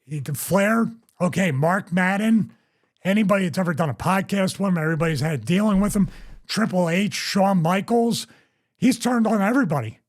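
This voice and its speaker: A man's voice: high-pitched, expressive, moderate pace. A middle-aged man hosting a podcast, casually telling a story and acting out other people's quotes in raised voices.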